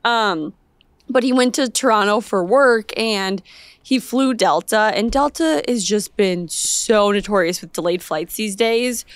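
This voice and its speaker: Young female podcast co-host, lively storyteller, dry close mic. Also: mid-range voice, a little slow, dry recording. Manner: animated storytelling, acts out her own quoted lines. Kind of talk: casual chat.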